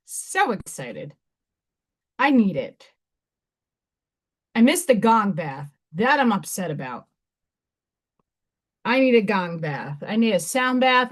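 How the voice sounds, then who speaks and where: A woman with a New York accent, somewhat hoarse, hosting a live stream where she chats excitedly and reads oracle-card affirmations aloud. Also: medium pitch. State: hoarse, voice weakened. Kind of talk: casual live-stream chat and card reading.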